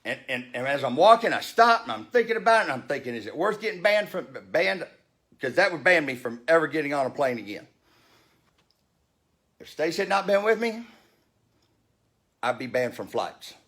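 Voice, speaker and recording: A man's voice: on the high side, big pitch swings, brisk, long pauses, a bit bright. Fired-up man in his fifties, swearing freely. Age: 50s. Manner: blunt, profane, fired up. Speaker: vlogger. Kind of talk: heated storytelling rant.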